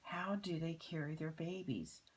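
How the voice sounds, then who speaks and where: A woman's voice: low voice, measured pace, slightly rough, low-quality recording. An older woman voicing an eager, curious little boy kangaroo in a picture book read aloud. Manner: eager, questioning.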